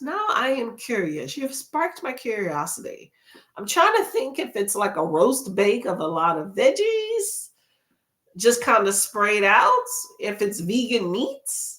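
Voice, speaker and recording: Chatty woman hosting a livestream, lively voice. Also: medium pitch. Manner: chatty, laughs often, reads out chat comments. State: runny nose, under the weather. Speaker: livestream host. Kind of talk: casual livestream chat.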